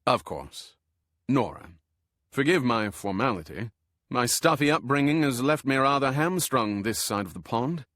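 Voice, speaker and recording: A man's voice: mid-range voice, animated, unhurried, fairly bright tone, no room sound. A male narrator voicing a charming young male Egyptologist with a polished upper-class English accent. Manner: polished, genteel and eager. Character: dashing young posh British male Egyptologist.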